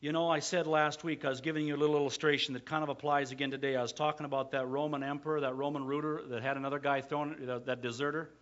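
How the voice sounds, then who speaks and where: A pastor preaching to his congregation, a man with a fairly high, bright, forceful voice. He drops to quiet, close asides, then builds to loud, emphatic declarations. The recording sounds muffled and lo-fi. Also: little pitch movement, fast, few pauses. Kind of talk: sermon.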